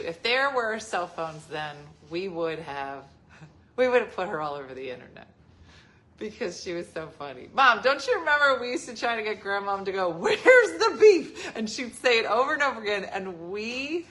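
A woman in her forties hosting a casual chat, telling family stories with lots of laughter. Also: medium pitch. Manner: laughing, animated storyteller. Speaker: host.

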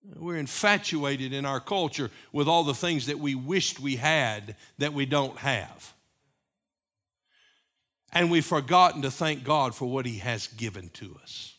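A man preaching a sermon as pastor, moving between emphatic raised passages and hushed, repeated lines. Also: medium pitch, lively intonation, unhurried. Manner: preaching with swings from loud emphatic peaks to hushed, repeated phrases.

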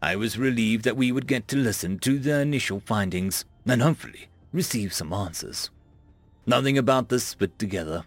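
A man's voice: medium pitch, normal speed, no room sound, soft background music. A man narrating a first-person science fiction story in a wry, conversational way, close to the mic. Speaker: audiobook narrator.

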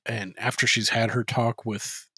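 A man co-hosting a movie-review podcast, recapping the plot in a rambling, profane stream and slipping into quoted voices. His pitch is average for a man. The recording is very dry and close. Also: flat delivery, unhurried, pushed and bright, breathy edge, no room sound. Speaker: podcast co-host. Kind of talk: casual movie-review chat.

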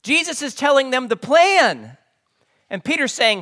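Bright-voiced man teaching a sermon. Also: very high voice, wildly swooping pitch, moderate pace. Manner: conversational, with frequent restarts and fillers. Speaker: pastor.

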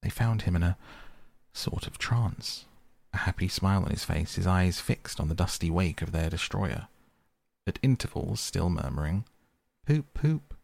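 A male narrator reads a storybook in a slow, measured way. His voice is very deep and gravelly, with a husky edge. The sound is dry and close. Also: darkish tone, no room sound. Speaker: audiobook narrator.

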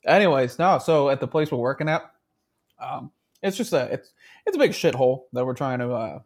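Here a podcast co-host chats casually into a handheld mic, swearing freely, laughing often and joining in crude banter. He has a medium-pitched, expressive voice and talks a little fast.

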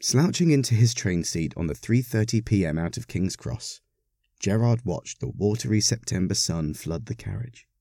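A man reading a story aloud, narrating in an expressive, wry manner. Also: lowish voice, moderate pace, vocal fry, no echo, clean studio sound.

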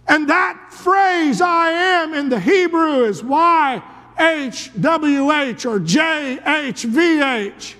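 Man, preacher, very high voice, slow unhurried delivery, dramatic sermon storytelling, shifts from hushed to shouting. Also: lively intonation. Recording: long reverb of a large hall.

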